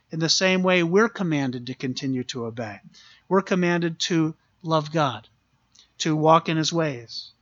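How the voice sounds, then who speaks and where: A man's voice: a little high, a bit bright. Earnest preacher man, dull lo-fi sound. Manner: earnest, repeats key phrases for emphasis. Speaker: pastor. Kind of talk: sermon.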